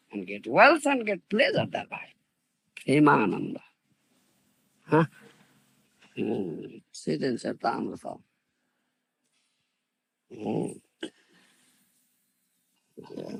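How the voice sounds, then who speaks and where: A man's voice: fairly high pitch, creaky, fairly bright tone, husky, dry recording. A man giving a devotional lecture, emphatic and repetitive, often asking listeners whether they understand. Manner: emphatic, repeats phrases, asks "you understand?", laughs. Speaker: spiritual teacher.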